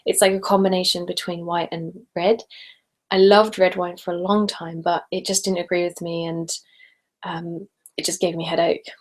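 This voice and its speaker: An ASMR creator from Essex, England, hosts a relaxed live hangout, reading out viewer questions and answering in a chatty, giggly way while sipping wine. Her voice is lowish and at a normal pace, and it sometimes drops into a soft whisper.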